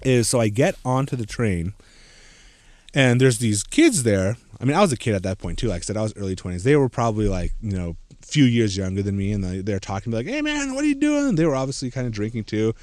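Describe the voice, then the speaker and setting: A man's voice: fairly low pitch, a little fast, darkish tone, no echo. A man in his thirties telling a personal travel story in casual podcast chat, rambling with many fillers and acting out other people's lines. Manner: rambling, many fillers, acts out quoted voices. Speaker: podcast co-host.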